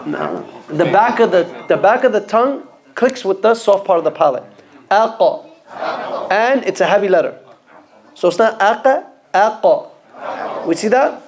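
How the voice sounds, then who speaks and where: A man's voice: high voice, a little hiss or hum. A man teaching a class how to pronounce letters for Qur'an reading, patiently repeating each sound and quizzing his students. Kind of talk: classroom lesson on letter pronunciation. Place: mosque classroom.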